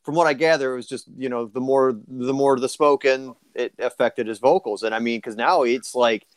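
A man co-hosting a podcast in casual chat, talking haltingly with many restarts. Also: medium pitch, fairly even intonation, clear, resonant tone, no echo. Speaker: podcast co-host.

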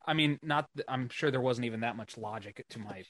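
A man's voice: mid-range voice, a little fast, a bit bright. A man hosting a podcast, chatting loosely, swearing and laughing as he recalls a story. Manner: rambling, swears freely, laughs a lot. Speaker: podcast host. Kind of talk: casual chat.

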